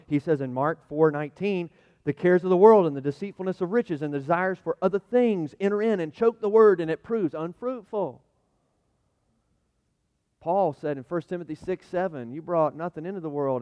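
A man preaching a sermon as pastor, reading scripture and swinging between loud emphasis and hushed asides. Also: a little high, no room sound, highs cut off.

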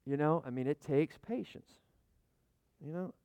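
Middle-aged male pastor, folksy sermon with asides, smooth tone, dry close sound. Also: a little high, lively intonation, a little slow, warm tone, no room sound, lo-fi sound. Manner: chatty, folksy, full of restarts and asides; jokes with the congregation, calls for amens. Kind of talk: conversational sermon with props.

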